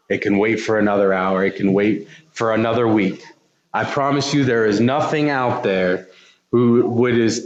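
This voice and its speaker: A man preaching a sermon in a church, earnest and repeating his words as he builds intensity. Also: fairly low pitch. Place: church sanctuary. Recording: echoey, dull church recording.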